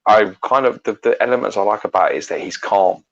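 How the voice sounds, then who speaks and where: A man's voice: fairly low pitch, fast, gravelly, highs cut off. A man co-hosting a casual collectibles chat, blunt and sweary, talking at length about statues. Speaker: co-host.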